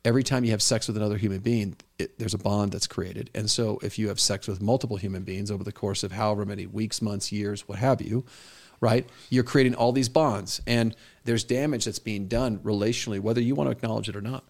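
A man's voice: on the low side, fairly even intonation, fairly quick, gravelly. A middle-aged man, a pastor co-hosting a podcast, talking earnestly and telling stories with quoted dialogue. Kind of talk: conversational podcast talk.

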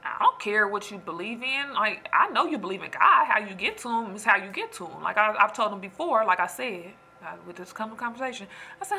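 A woman telling a personal story in casual chat, animated and emphatic, preaching to her listeners. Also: mid-range voice, fairly quick, hardly any pauses, a little hiss or hum. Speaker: storyteller venting to viewers.

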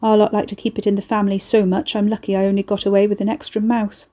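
A woman's voice: mid-range voice, flat delivery, quick pace, warm tone, close to an everyday voice. A woman voicing a cheeky male neighbour who teases in breezy slang. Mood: mocking. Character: cheeky working-class male neighbour, sly.

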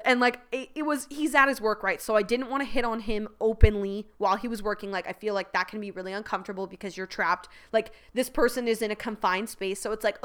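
A woman hosting a podcast, telling a story in a casual monologue, animated and laughing often, with lots of "like" fillers. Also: fairly high pitch, moderate pace, clear, resonant tone. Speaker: podcast host.

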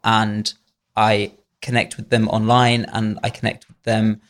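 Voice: medium pitch, flat delivery, a little slow. Earnest singer chatting as a podcast guest. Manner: earnest, many "like" fillers, confident pronouncements. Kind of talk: casual interview chat.

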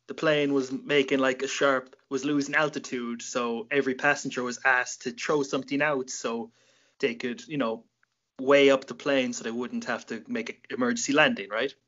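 A man's voice: medium pitch, steady tone, moderate pace, fairly bright tone, lo-fi sound. A young Irish man hosting a casual late-night podcast, swearing freely and laughing at his own jokes. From Ireland. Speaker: podcast host.

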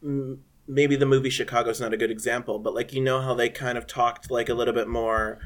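A man's voice: mid-range voice, little pitch movement, fairly quick. Easygoing man in casual chat. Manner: easygoing, laughs often. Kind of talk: casual discussion.

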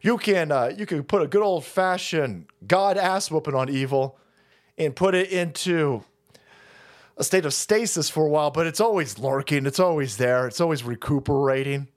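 A man ranting on a livestream, foul-mouthed and excitable, laughing between his remarks. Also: a little high, normal speed. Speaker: streamer.

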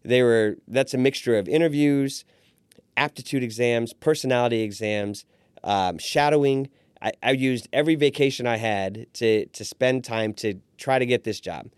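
A man in his forties tells a long personal story in a casual podcast interview. He voices each quoted person with lively jumps in tone, at a mid-range pitch. He is recorded close on a podcast microphone in a dry room. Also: normal speed, clean tone, no room sound. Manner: animated storyteller who acts out quoted voices. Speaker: restaurant owner, podcast guest.

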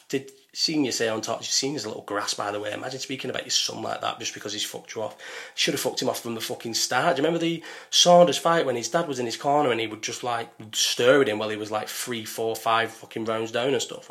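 A man's voice: mid-range voice, a bit bright. A young man in casual podcast chat, blunt and opinionated, swearing freely and restarting his sentences often. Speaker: podcast co-host.

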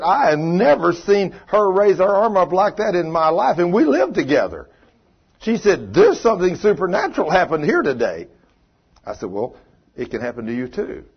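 Preacher guy telling a story, husky voice, muffled dull recording. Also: fairly high pitch. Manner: folksy, swings from hushed to loud and excited. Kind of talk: sermon storytelling.

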